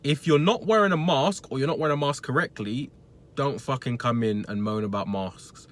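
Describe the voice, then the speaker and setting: A young man telling a blunt, swearing rant about a customer at work, acting out the argument in a lively way. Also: mid-range voice, normal speed. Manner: blunt, swearing, animated storytelling. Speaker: retail worker vlogger. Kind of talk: casual ranting story.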